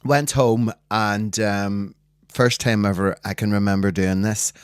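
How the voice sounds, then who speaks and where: A Northern Irish man co-hosting a casual chat podcast, telling lively stories and acting out the voices of people he quotes. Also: on the low side, unhurried, smooth, no echo, clean studio sound. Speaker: podcast co-host.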